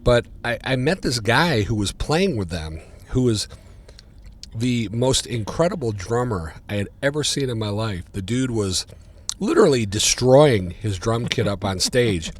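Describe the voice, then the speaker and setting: A man, a podcast guest telling stories in casual chat, getting louder and higher as he relives them. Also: measured pace. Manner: animated, gets louder and higher when retelling. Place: diner.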